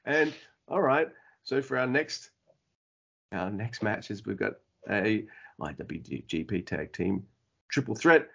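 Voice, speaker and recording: A man with a fairly low voice talks through wrestling matches in a relaxed, easygoing way, laughing along. The sound is dull and lo-fi, like a home podcast recording. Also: slow pace, vocal fry, slightly rough. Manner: easygoing, laughs often, reads through lists. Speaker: podcast co-host. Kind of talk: casual wrestling chat.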